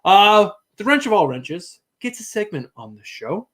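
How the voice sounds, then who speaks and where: A man's voice: sits high, sing-song, a little slow, fairly bright tone. A man co-hosting a casual live stream, talking in an easygoing, rambling way. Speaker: co-host.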